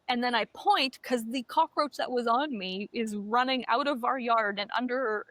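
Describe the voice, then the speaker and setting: A woman co-hosting a podcast, telling animated stories in casual chat and swearing often. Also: on the high side, moderate pace, hardly any pauses, no room sound. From Canada. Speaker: podcast co-host.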